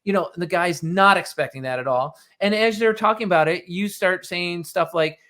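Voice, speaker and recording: A middle-aged man with a slightly high voice talks through business advice on a podcast. He is animated and conversational, and he slips into quick acted-out bits of dialogue to make his point. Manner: animated, acts out little dialogues. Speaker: podcast host.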